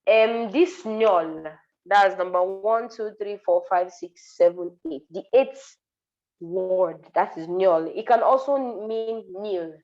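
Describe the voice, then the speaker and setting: A woman teaching a French class online, explaining patiently, repeating words and pausing with ums. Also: medium pitch, a little mellow, lo-fi sound. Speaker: French tutor.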